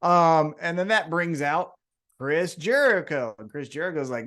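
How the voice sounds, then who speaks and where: Sardonic man recapping with a lively voice. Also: fairly high pitch. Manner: profane, sardonic recapping with quick voiced paraphrases. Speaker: podcast co-host. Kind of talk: casual wrestling podcast chat.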